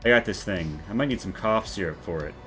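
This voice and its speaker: A man voicing a hoarse, laid-back male crewman who speaks offhandedly. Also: on the low side, fast talker, a bit bright, faint music behind, lightly acted. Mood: offhand.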